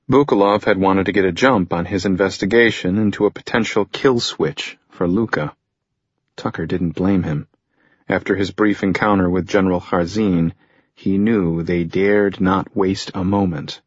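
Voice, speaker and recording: A man narrating a thriller audiobook in a steady storytelling manner. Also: low voice, husky, dry recording. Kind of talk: scripted narration. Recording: dull lo-fi recording.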